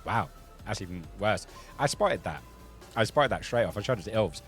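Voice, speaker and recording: A man's voice: fairly low pitch, sing-song, brisk, faint music behind. A man with a South London Cockney accent, chatting casually on a live stream, rambling, swearing freely and reacting to chat messages.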